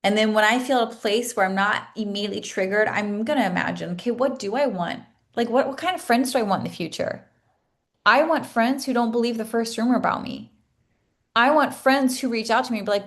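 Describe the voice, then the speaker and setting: A woman's voice: fairly high pitch, a little fast. Earnest woman coach, emotional storytelling. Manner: emotional, earnest, with many restarts. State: tearful at times. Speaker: coach leading a masterclass. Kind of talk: personal storytelling to a class.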